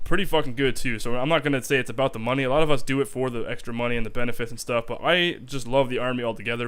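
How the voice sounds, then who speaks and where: A man's voice: medium pitch, fairly bright tone, clear, resonant tone. A young man talking in a casual vlog, rambling and swearing heavily as he describes army reserve life. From Canada. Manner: profane, rambling, emphatic.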